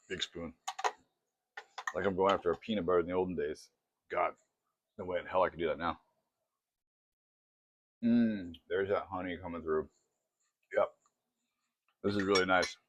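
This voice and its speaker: A man chatting through a casual cooking demo in his home kitchen, excitable and poking fun at himself. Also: lowish voice. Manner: chatty, excitable, self-mocking. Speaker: cooking vlogger.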